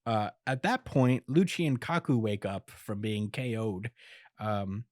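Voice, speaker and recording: A man's voice: fairly low pitch, animated, measured pace, a little mellow, dry recording. Guy on a podcast mic just chilling and recapping stuff, chuckles a lot, dry sound. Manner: laid-back retelling with chuckles and filler words. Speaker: podcast host. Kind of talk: casual episode recap.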